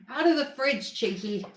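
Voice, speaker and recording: A woman's voice: mid-range voice, a bit bright, slight background noise. A woman with an Australian accent, hosting a casual livestream from home and chatting playfully with viewers in slang. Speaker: livestream host. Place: home, moving into the kitchen. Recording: roomy home recording.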